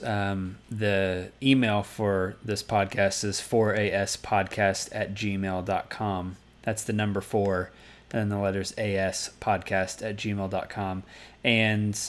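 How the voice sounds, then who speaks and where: A man hosting a film podcast in a relaxed, rambling, self-deprecating way. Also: on the low side. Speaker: podcast host. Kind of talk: casual podcast chat.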